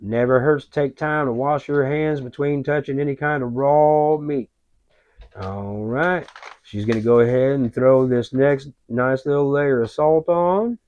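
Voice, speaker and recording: Man, cooking host, slow folksy narration, mid pitch, dry dull lo-fi sound. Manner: relaxed, folksy, rambling with fillers.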